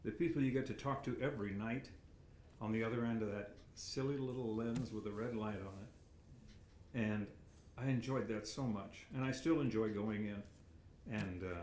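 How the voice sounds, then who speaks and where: An older man, a retired sportscaster, giving a rambling, self-deprecating acceptance speech with many anecdotes and chuckles at a podium microphone. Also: lowish voice. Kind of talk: after-dinner acceptance speech. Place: banquet hall. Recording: echoey hall with faint room noise.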